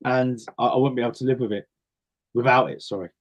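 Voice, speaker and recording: A man with a steady, medium-pitched voice talks at a quick pace as a guest singer in an interview. He's a chatty teller of stories, imitating the people he quotes.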